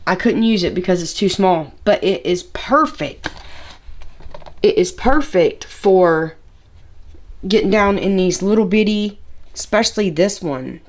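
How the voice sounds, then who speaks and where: A woman gives a casual, rambling tour of her home sewing room, chatting to viewers with fillers and restarts. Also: medium pitch. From Tennessee, US. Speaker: sewing vlogger.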